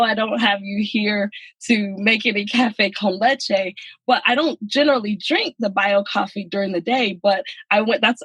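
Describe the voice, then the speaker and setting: A woman guest on a podcast speaks in a heartfelt, storytelling way. Her voice is slightly husky and sits at a middle pitch, recorded dry and close. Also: a bit bright, no echo, poor audio. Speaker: guest, pharmacist and business owner. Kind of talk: casual podcast conversation.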